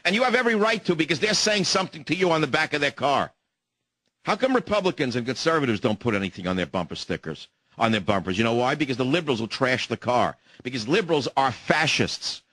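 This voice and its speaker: A man's voice: mid-range voice, sing-song, fast talker, fairly bright tone, no echo. A man hosting a talk radio show, ranting in a combative way. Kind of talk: angry talk radio monologue.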